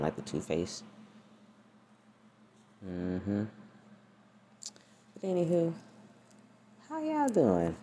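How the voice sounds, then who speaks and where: A woman's voice: a bass voice, gravelly, warm tone, a little hiss or hum. A woman hosting her own podcast, chatting casually and rambling with profane, laughing asides. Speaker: podcast host. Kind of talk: casual solo podcast chat.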